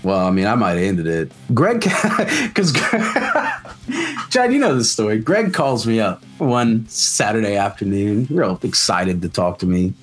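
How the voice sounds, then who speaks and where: A fairly low-pitched man with big pitch swings and a fairly bright tone talks unhurriedly. He's a musician guest from South Mississippi, telling rambling stories in casual conversation, full of "like" fillers and free swearing.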